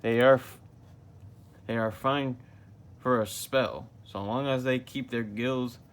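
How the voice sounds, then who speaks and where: A spunky cartoon squirrel gal talks in a folksy drawl, voiced by a man. She sounds determined and plain-spoken. The pace is slow and even. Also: medium pitch, lightly acted. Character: plucky female cartoon squirrel with a country drawl.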